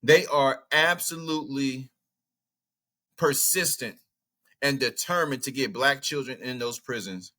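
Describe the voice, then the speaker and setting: A man's voice: mid-range voice, unhurried. A man hosting a casual, outspoken reaction commentary, thinking aloud as he looks things up and reads passages. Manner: animated, outspoken, thinks aloud while browsing maps and texts. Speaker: commentary channel host.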